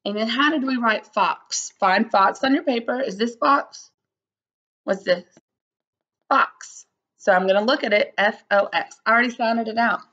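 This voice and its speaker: A woman teacher giving a slow, patient early-grade phonics lesson, spelling out letters and sounding out words. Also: a little high, bright, forceful tone, dull audio.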